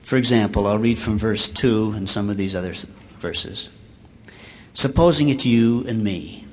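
Man preaching, slow swelling scripture reading. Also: fairly low pitch, darkish tone. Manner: measured, slows and swells when reading scripture. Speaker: church speaker.

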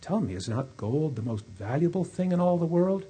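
A calm immortal stranger questions a king in measured tones, as a man puts him on. The voice is dark and mellow with a slightly husky grain. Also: fairly high pitch, full character voice. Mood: questioning. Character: calm immortal male stranger granting wishes.

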